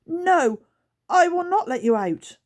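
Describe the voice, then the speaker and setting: A woman's voice: very high voice, very animated, slow, a little mellow, pitched above the performer's own voice, heavily acted. A woman voicing a nervous young girl. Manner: nervous wobble.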